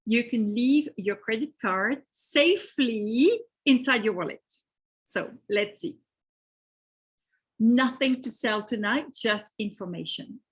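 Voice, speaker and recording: A middle-aged woman with a French accent hosts a live webinar, chatting easily and greeting attendees by name. Her voice is fairly high and has a husky edge, heard through a computer microphone. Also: lively intonation, slow. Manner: chatty, reads out attendee names. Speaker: webinar host.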